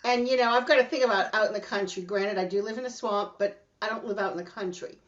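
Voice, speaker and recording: A woman's voice: mid-range voice, fast talker. A woman hosting a podcast, telling a story in casual chat and acting out what people said. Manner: animated, acts out quotes in shifting voices. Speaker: podcast host. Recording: dull lo-fi sound.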